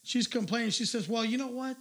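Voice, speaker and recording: A man's voice: very high-pitched, fairly quick. A man hosting a livestream, telling a crude story in a profane, ranting casual way. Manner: profane, ranting, loud asides. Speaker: livestream host.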